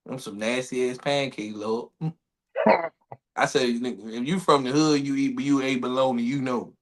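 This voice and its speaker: A man hosting a podcast, telling stories in loud, profane, laughing banter. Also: medium pitch, normal speed. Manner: animated, profane, laughing storyteller. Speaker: podcast host.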